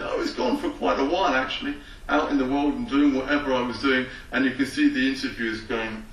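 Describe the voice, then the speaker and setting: A man with a medium-pitched voice speaks briskly, far from the mic, so the room echoes around him. Preaching a sermon as a rabbi, he reads scripture aloud and then acts out imagined conversations in lively voices.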